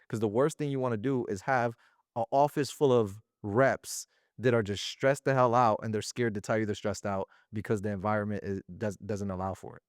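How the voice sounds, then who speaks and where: A man's voice: lowish voice, fairly quick, no echo. Slangy man, casual and dry-sounding. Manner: slangy and animated, often acting out little quoted exchanges. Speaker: guest, sales business owner. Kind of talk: casual interview talk.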